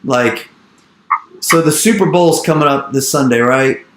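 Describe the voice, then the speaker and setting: Animated male investor in an echoey room. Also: medium pitch, unhurried, noisy background. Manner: animated, repeats phrases, acts out quoted dialogue. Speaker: real estate investor speaking to an investor group. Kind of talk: energetic storytelling talk.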